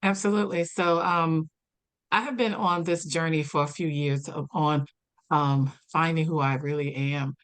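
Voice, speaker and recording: A woman guest on an interview podcast, telling her story in a lively way and acting out the dialogue she quotes. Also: moderate pace. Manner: animated, acts out quoted dialogue with big pitch jumps. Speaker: podcast guest, personal development coach.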